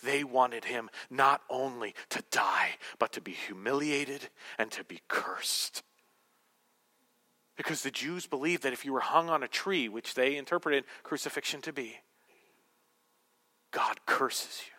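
Bright-voiced, dramatic male preacher. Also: mid-range voice, measured pace. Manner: dramatic swings from loud emphasis to hushed whisper. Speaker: pastor. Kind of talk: sermon. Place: church hall with congregation.

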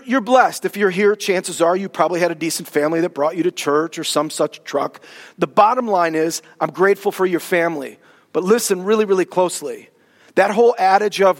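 A man pastor giving a sermon and prayer, animated preaching with casual asides. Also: high-pitched. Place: church sanctuary. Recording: long reverb of a hall.

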